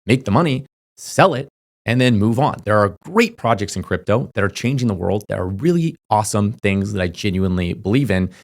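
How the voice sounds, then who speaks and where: Young guy, low-ish voice, talks super fast, lots of "like" and "okay?", pushy casual advice vibe. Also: expressive. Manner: rapid, filler-heavy, emphatic, repeats "okay?". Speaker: crypto YouTuber. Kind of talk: casual direct-to-camera advice.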